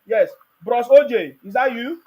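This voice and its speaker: A man's voice: very high voice, a little slow, husky, muffled recording. A man with a Nigerian accent hosting a heated live call-in debate, combative and repeating his demands insistently. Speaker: host of a live call-in stream.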